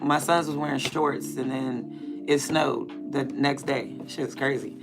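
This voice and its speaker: A woman from Maryland with a hoarse voice from yelling and allergies, telling a story in a blunt, profane, heated way as she chats at home. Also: a bass voice, fairly even intonation, measured pace. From Maryland, USA. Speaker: vlogger. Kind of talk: casual storytime chat. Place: home room with windows cracked open. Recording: music playing behind.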